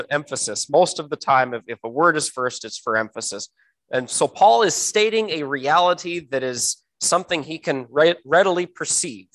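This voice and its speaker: A man teaching a Bible verse word by word, often pausing with fillers and repeating words, slowing down to stress key phrases. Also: a little high, pushed and bright, rough recording.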